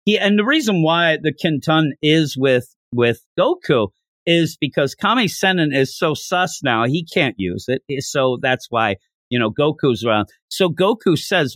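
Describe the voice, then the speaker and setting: A man hosting a podcast, recapping a manga chapter in a jokey, animated way. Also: on the high side, a little slow, dry recording, studio quality. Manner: animated, jokey, laughs while retelling. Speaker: podcast host.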